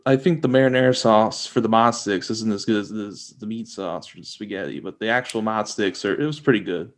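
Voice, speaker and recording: A man's voice: lowish voice, fairly quick. A young man co-hosting a podcast in casual chat, speaking in a laid-back, mild way and often restarting his sentences. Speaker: podcast co-host.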